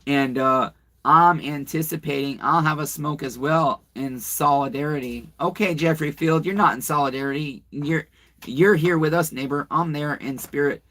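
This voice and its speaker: A man's voice: a little high, moderate pace, fairly bright tone. A man hosting a casual livestream, rambling and swearing as he tells a story and talks to his viewers. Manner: rambling, profane, chatty, talks to viewers directly. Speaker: livestream host. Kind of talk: casual livestream chat, reading comments and telling a story.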